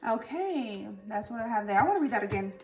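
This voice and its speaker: Woman giving a soft tarot reading. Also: on the high side, sing-song, quick pace. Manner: reads oracle card texts aloud, drops to soft murmurs. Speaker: tarot reader.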